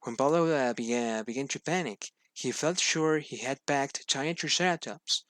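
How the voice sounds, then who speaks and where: A man's voice: medium pitch, moderate pace, fairly bright tone, no room sound. Man hesitantly reading a storybook. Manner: hesitant with many fillers and restarts. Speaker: student.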